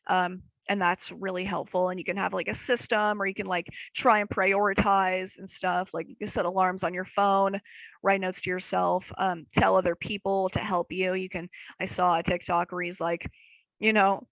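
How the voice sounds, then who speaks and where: A woman's voice: on the low side, flat delivery, moderate pace, creaky, a bit bright, no echo, poor audio. A young woman hosting a podcast, talking in a rambling, casual way with lots of fillers and self-deprecating asides. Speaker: podcast host. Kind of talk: casual chat.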